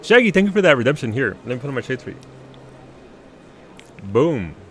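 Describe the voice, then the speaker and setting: A man with a medium-pitched voice talks a little fast while streaming a game live, chatting casually with viewers. He's animated, laughs often and stammers as he restarts sentences. There's slight background noise.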